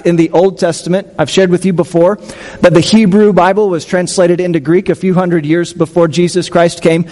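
High-voiced pastor preaching in reverberant hall. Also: male voice, darkish tone. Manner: conversational, with frequent restarts and asides to the congregation. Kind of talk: sermon.

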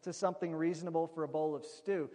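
A man's voice: fairly high pitch, steady tone, fast talker, dark tone, close to an everyday voice. A man voicing a clever, scheming younger brother bargaining over a trade, in a hall with a long reverb.

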